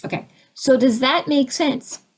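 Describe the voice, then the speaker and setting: An animated woman teacher with a fairly high voice answers questions from her audience. She talks her points through by acting out small scenes and jumps between voices as she goes. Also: a little slow, husky. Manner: animated, acts out little scenes with sudden swings in voice. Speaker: spiritual teacher.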